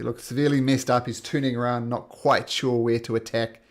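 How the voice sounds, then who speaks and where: A man's voice: medium pitch, flat delivery. A man running a tabletop game, talking through dice rolls and describing a battle. His voice sits in the middle, and he speeds up when he talks about rules. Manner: quick, laughing rules talk. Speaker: game master.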